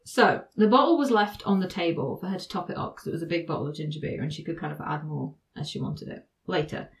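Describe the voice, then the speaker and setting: A woman's voice: lowish voice, lively intonation, quick pace. Chatty woman explaining law. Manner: chatty, laughs often, explains legal cases. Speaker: podcast host. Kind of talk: casual podcast chat.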